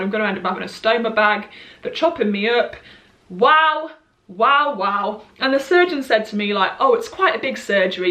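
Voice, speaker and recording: A young woman, telling a candid personal story in a casual, lively, self-mocking vlog way. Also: mid-range voice, echoey room. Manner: lively, candid, quick to laugh at herself. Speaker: vlogger.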